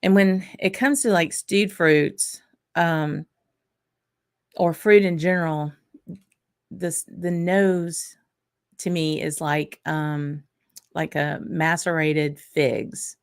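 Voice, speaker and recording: Southern woman host, low and gravelly, unhurried live-stream chatter with small laughs. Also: steady tone. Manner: unhurried, thinking aloud, frequent small laughs. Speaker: whisky channel host. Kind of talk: casual live-stream tasting chat.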